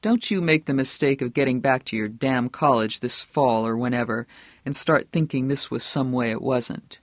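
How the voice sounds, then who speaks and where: A narrator puts on a bullying small-town boss, a grown man who threatens in a low, slow drawl that hardens into barked orders. The sound is dry and close, with no room around it. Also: no room sound, natural voice. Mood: hard commanding. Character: menacing small-town male politician, bullying. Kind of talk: audiobook character voice.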